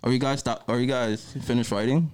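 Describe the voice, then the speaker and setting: A man's voice: mid-range voice, fairly even intonation, brisk, a little mellow, clean tone. A man co-hosting a podcast in casual chat, playful and teasing. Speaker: podcast co-host. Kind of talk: casual chat and joking freestyle.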